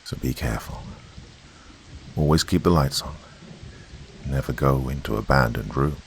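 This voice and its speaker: A man reading a horror story as a podcast narrator in a slow, brooding way. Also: a bass voice, creaky, a little hiss or hum.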